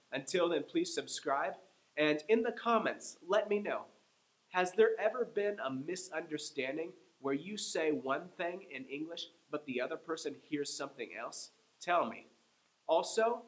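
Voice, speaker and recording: A male English teacher gives a pronunciation lesson at an unhurried pace, stressing syllables with emphasis. His voice sits a little higher than most men's. He says each word twice so listeners can copy him. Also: a bit bright, poor audio. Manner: slow, emphatic, repeats words for practice.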